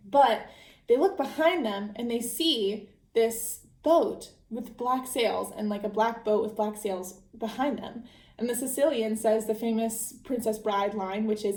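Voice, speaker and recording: A woman's voice: a little high, darkish tone, echoey room. A young adult woman hosting a podcast, chatting casually through a book recap, laughing often and full of fillers. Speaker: podcast host.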